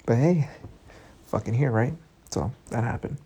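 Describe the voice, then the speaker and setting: Gravelly, husky young man telling a story. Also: mid-range voice, measured pace, warm tone. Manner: frank, profane, talks to the audience directly. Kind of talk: casual storytime, swearing freely.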